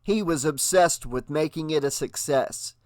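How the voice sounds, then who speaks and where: A man narrating an audiobook with a dramatic, expressive reading. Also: on the high side, a little slow, no echo. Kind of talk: audiobook narration with character voices.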